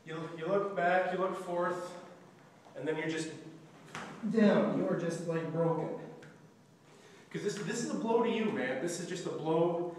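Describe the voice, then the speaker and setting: A man's voice: high voice, a little slow, pauses often. A young man explains stage blocking in a casual way, singing the music cues and acting out the lines. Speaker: student play director. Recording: echoey hall, distant mic, faint noise.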